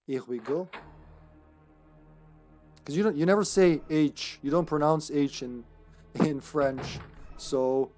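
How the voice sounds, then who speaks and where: A man giving casual let's-play commentary as a game streamer, joking around, laughing often and getting excited in bursts. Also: fairly high pitch, slow, pauses often, soft background music.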